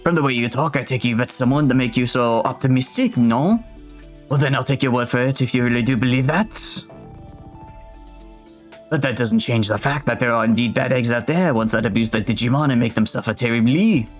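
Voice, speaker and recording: A man voicing a poised, earnest female game character in a put-on French accent, reading the dialogue aloud in a formal, measured way. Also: medium pitch, faint music behind, lightly acted.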